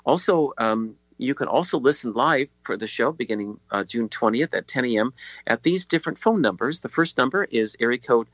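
Halting, rambling radio host man. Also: mid-range voice, expressive, a bit bright, no echo, dull audio. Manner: rambling, halting, many ums and restarts. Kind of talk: radio talk show hosting. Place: radio studio.

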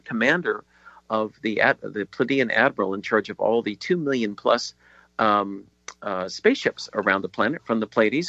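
Halting, rambling radio host man. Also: mid-range voice, fairly bright tone, no room sound, lo-fi sound. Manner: rambling, halting, many ums and restarts. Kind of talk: radio talk show hosting. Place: radio studio.

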